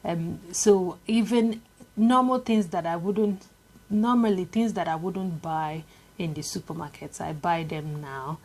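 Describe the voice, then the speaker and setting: A woman's voice: on the low side, a little slow, a little mellow. Chatty Nigerian woman vlogging. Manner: chatty, repetitive, lots of "like" and "um" fillers. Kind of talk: casual talking-to-camera vlog.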